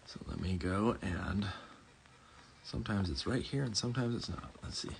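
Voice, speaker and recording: A man's voice: fairly low pitch, animated, normal speed, gravelly, background noise. Rambling Midwestern man hosting a stream. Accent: Midwestern American. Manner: rambling, self-correcting, jokey. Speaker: host. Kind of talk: casual livestream chat.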